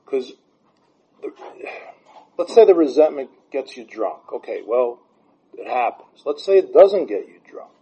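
A man's voice: mid-range voice, very animated, a little slow, long pauses, dark tone, slightly rough. A man giving blunt, profane recovery advice and telling stories from his own life. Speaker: recovery speaker. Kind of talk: candid advice talk. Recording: dull lo-fi sound.

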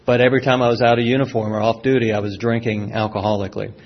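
A man's voice: mid-range voice, level tone, rapid-fire, slight background noise. Middle-aged southern guy telling his life story to a crowd, folksy and wry, kinda muffled lo-fi sound. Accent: Southern American. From Florida. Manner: folksy storytelling with self-deprecating humor, frequent restarts. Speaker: speaker sharing a recovery testimony. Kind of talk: personal testimony talk. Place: speaking to a live audience. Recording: dull lo-fi sound.

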